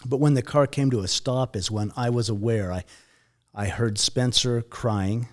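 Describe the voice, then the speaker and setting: A middle-aged man speaks in a medium-pitched voice, telling a deeply personal story in a halting way. He repeats words and restarts his sentences. At the painful parts his voice sinks low and soft. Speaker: guest recounting a near-death experience.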